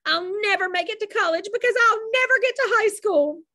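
A woman's voice: extremely high pitch, a little fast, sharp tone, dry recording, studio quality, pitched above the performer's own voice. A woman voicing a dramatic, weepy fourth-grade girl in a storybook reading, with melodramatic wailing delivery. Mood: despairing.

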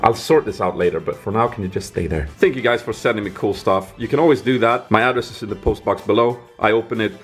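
A man from Sweden talking casually in a home vlog, chatty and playful, dropping to soft murmurs and jumping to high excited bursts. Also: fast, hardly any pauses, roomy sound, soft background music. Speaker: vlogger. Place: home kitchen.

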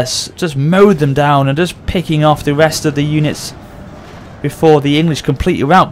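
A man hosting a gaming channel, excitedly commentating a battle over gameplay and often addressing his audience. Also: on the high side, a little hiss or hum.

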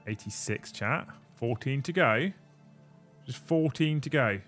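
A man's voice: mid-range voice, lively intonation, slow pace, a bit bright. A man hosting a casual livestream, chatting and thanking viewers while building models. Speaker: livestream host. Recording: faint music behind.

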